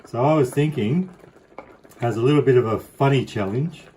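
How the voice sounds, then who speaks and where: A middle-aged Australian man walks through a recipe in a casual, rambling, friendly way. His voice is mellow and unhurried, recorded in a home kitchen with a faint hum of noise behind him. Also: mid-range voice, rough recording. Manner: chatty, rambling, easygoing. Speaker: cooking vlogger. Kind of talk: casual cooking demonstration.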